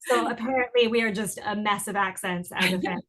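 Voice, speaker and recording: A woman in her thirties speaks with a British accent blurred by years of American speech. Her voice is bright and forceful, and her answers come chatty and bubbly. She sounds like a guest at ease in a relaxed interview. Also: mid-range voice, fast. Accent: mixed British and American. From England. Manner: bubbly, laughs often, chatty. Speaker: actress guest.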